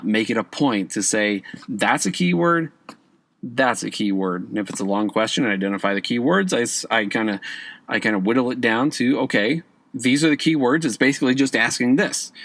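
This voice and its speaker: A man's voice: on the low side, fairly bright tone, no room sound. A man hosting a podcast who gives casual exam-prep advice, often checking in with "okay?" and leaning hard on key words. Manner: conversational, repeats "okay?" to check in with listeners; stresses key words with emphatic rises. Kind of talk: casual instructional podcast talk.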